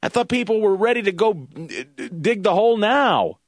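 A man's voice: high voice, very animated, normal speed, dry recording, clean studio sound. A man filling in as a radio talk show host, ranting with fiery sarcasm about politics and the media.

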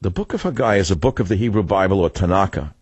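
A New talk radio host with a low, husky voice tells rambling, sardonic stories that drift from one subject to another. His voice sits close and dry on a studio microphone with no room sound around it. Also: animated, fast talker, a little mellow, dry recording, highs cut off. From New York. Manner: rambling, digressive, sardonic storytelling.

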